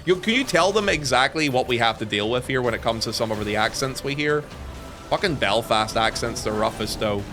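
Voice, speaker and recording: Streamer, Northern Irish man, young, animated bright delivery, jokey, faint music behind. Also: medium pitch, brisk. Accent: Northern Irish, softened. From Northern Ireland. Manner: chatty, joking, swearing. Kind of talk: casual chat with viewers.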